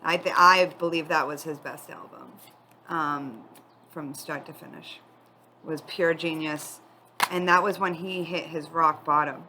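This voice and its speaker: A woman giving a spiritual tarot reading, tearful and crying as she talks in a candid, halting, confiding way. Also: deep voice, steady tone, bright, forceful tone, slight background noise, rough recording. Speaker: tarot reader.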